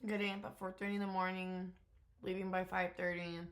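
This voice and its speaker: A woman's voice: fairly low pitch, level tone, a little fast. A young woman giving a casual, unscripted vlog update, talking candidly with lots of fillers and the odd swear word. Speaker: vlogger.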